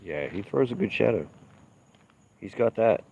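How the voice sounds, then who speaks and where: Deep-voiced man rambling on a lo-fi livestream. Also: very animated, unhurried, creaky, a little hiss or hum. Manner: easygoing, rambling, low-key. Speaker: livestream host. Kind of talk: casual live-stream chat, reading viewer comments. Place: outdoors at night on gravel.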